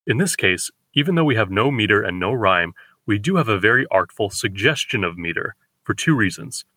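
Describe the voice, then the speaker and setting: A man lectures on poetry in a careful, explanatory way, slowing down when he reads verse aloud. His voice sits a little low but sounds bright and forward. The recording is close and dry, with no room around him. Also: animated, dry recording. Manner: measured, explanatory, slows for quoted verse. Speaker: poetry podcast host.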